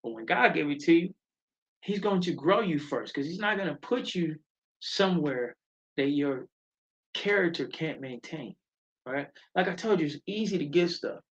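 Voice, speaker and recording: A middle-aged man, telling stories in an animated, preachy way as a live show host. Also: fairly high pitch, moderate pace. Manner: animated storytelling, preachy and emphatic. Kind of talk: casual live-stream talk. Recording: dull lo-fi stream audio.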